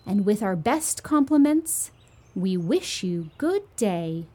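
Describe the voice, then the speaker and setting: A woman's voice: medium pitch, very animated, slow pace. A woman reading as three polite little bears. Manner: gentle and well-mannered. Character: three polite little bear cubs from the woods.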